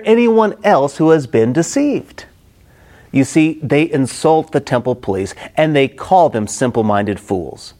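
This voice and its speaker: A man's voice: medium pitch, expressive, measured pace, warm tone. A middle-aged man preaching a Bible-study sermon, acting out the quoted characters expressively.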